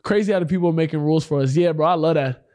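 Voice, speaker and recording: A man's voice: a little high, racing, darkish tone. A young man co-hosting a livestream, talking casually, arguing his point and laughing often. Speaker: stream co-host.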